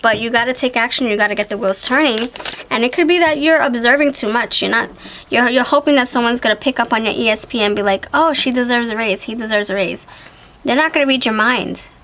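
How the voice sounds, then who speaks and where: A woman giving a casual tarot reading to her viewers, chatty and animated, with quick exclamations and frequent self-corrections. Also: fairly high pitch, low-quality recording. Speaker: tarot reader.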